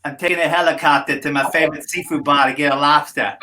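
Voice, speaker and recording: A man, a comedian and musician guest, speaking with a wry, lively delivery in casual chat. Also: a little high, fast talker. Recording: loud background noise.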